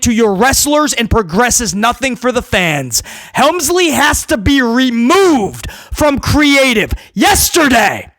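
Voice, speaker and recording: A man rants through a review with blunt sarcasm and open exasperation, and now and then he bursts out loudly to mock what he watched. His voice sits high and swings widely in pitch. The tone is bright and edged, and the sound is dry and close. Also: sing-song, slow, no room sound. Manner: mocks with loud comic outbursts. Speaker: wrestling show reviewer. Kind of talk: ranting solo review.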